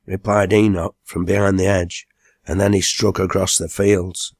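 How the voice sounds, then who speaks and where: Slow, low-voiced male audiobook narrator. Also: flat delivery, dry recording, studio quality. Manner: measured, plain storytelling. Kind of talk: scripted narration.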